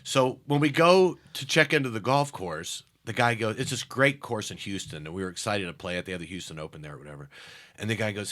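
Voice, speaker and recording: A man tells stories in a casual interview, with a bright, forceful tone. He acts out the quotes in his tales in a loud voice and laughs as he talks. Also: on the low side, animated, quick pace. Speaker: comedian guest. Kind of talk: animated storytelling in a casual interview.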